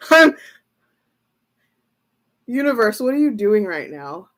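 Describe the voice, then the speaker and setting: A woman with a medium-pitched voice speaks slowly while doing a casual tarot livestream. Excitement keeps bubbling up: she exclaims and circles back to repeat herself while reading the cards.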